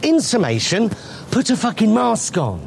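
A man's voice: sits high, wildly swooping pitch, moderate pace, gravelly, slight background noise, full character voice. A man playing a furious male news reporter with an English accent, ranting in exasperated, sweary bursts.

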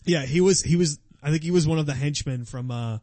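Brief: male podcast co-host, jokey and sarcastic, a bit high, dry close mic. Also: a little fast, darkish tone, no room sound. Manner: joking, sarcastic, swears freely. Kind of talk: casual comedic chat.

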